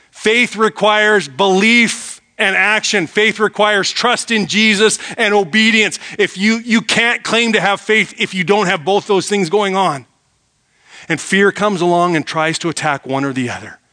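Bright-voiced male preacher, emphatic. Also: high-pitched, a little slow. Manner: emphatic, rhetorical questions, drops to quiet for emphasis. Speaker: pastor. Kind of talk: sermon.

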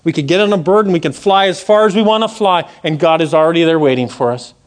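A man, preaching a sermon in a church and telling a personal story, animated and conversational, asking the congregation questions. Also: fast talker. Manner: animated storytelling, acts out quotes with big pitch jumps; conversational, asks the audience questions. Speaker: pastor.

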